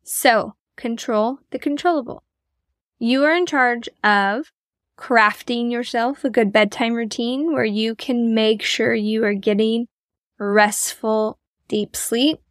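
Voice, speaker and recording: A woman's voice: on the high side, fairly even intonation, takes it slowly, no echo. Encouraging chatty woman, dry sound. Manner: encouraging, chatty, self-deprecating. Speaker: podcast host. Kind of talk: casual motivational monologue.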